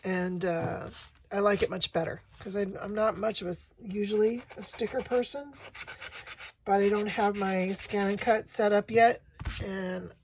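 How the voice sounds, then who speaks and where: A woman talking casually and reflectively through her craft journal pages, with frequent pauses and ums. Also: fairly low pitch, gravelly, a little hiss or hum. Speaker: crafting vlogger.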